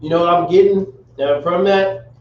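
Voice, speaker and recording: A man teaching a language lesson, spelling words out slowly with casual slang asides. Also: high-pitched, fairly even intonation. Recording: roomy, dull, from a distance.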